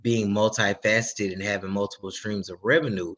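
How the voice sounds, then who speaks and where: A man's voice: fairly low pitch, brisk. A man talking as a guest in a casual interview, emphatic and profane. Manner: emphatic, profane, slips into animated impressions. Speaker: guest artist.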